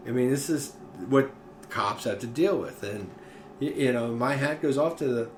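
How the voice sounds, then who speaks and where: A man chatting casually as a podcast co-host, telling stories in an animated way and swearing freely. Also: mid-range voice, moderate pace, far from the mic. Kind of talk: casual chat. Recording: echoey room with faint noise.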